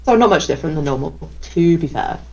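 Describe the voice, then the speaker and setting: A woman's voice: low-pitched, lively intonation, fast talker, vocal fry, warm tone, dull audio. Playful, cursing woman at a tabletop game. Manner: teasing, profane, playful. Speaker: player. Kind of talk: casual chat between tabletop game turns.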